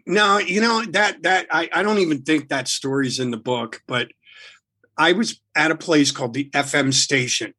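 A man with a husky, slightly raspy voice sitting a touch higher than most men. He tells a story in an animated, rambling way, full of restarts and casual swearing. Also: normal speed. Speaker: guest musician.

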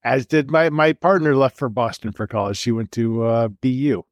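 Animated male host, mid-pitched voice. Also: moderate pace, no echo, studio quality. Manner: animated, stumbling restarts, curious. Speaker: podcast host. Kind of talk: casual interview chat. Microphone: video call.

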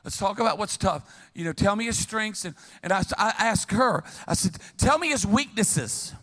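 A middle-aged man preaching a sermon as pastor, telling funny stories with lively call-and-response to the congregation. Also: sits high, moderate pace. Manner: humorous, animated storytelling with call-and-response. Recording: long reverb of a large hall.

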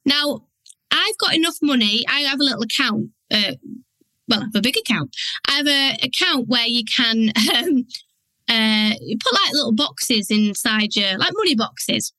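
A woman's voice: a little high, expressive, moderate pace, bright, forceful tone, no room sound, rough recording. A woman hosting a podcast alone, talking frankly and acting out her inner voice in quoted asides. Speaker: podcast host. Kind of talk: candid solo podcast talk.

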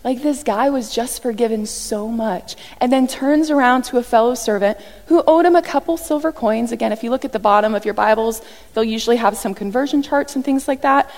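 Woman preacher, animated and chatty, a touch high-pitched, long hall reverb. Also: fairly quick. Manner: animated, conversational, acts out quotes. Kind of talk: sermon.

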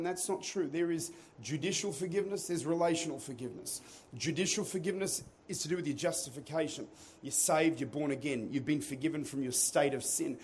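A man preaching a sermon to his church, moving between quiet teaching and loud, rousing calls to the congregation. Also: a little high. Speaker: pastor. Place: church auditorium.

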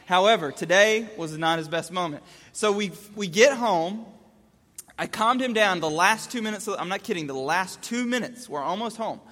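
A man in his thirties telling a comic story about his young son, animated and jumping between voices. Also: high voice, moderate pace. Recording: echoey hall.

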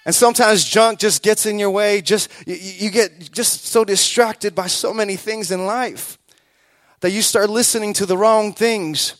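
A man with a notably high voice preaches a sermon, close and dry on the mic. He repeats key phrases, swells into loud exhortations, and slips into the voices of people in his stories. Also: moderate pace, dry recording. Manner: emphatic, repetitive, builds to loud exhortation; acts out quoted voices in the telling.

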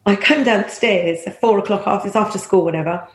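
A middle-aged woman, a former police officer telling stories in an interview. She talks in a lively way, laughs often and acts out the voices of people she quotes. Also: mid-range voice, brisk. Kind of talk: anecdotal storytelling. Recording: roomy echo.

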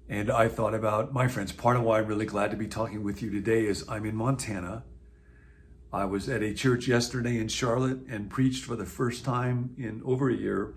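A man in his sixties from the US Midwest, a pastor talking reflectively to camera in a video series with a conversational, musing manner and gentle asides. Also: mid-range voice, gravelly, a little hiss or hum. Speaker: pastor and teacher.

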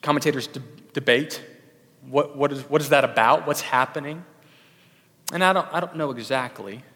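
Guy preaching, chatty sermon, gets loud then drops real soft, long hall reverb. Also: normal speed. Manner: conversational, swings from loud emphatic bursts to soft low asides. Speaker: pastor.

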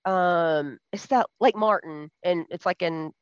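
A woman's voice: lowish voice, measured pace, smooth, no room sound. A woman co-hosting a podcast, chatting casually and teasing her co-host. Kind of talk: casual chat. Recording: dull lo-fi sound.

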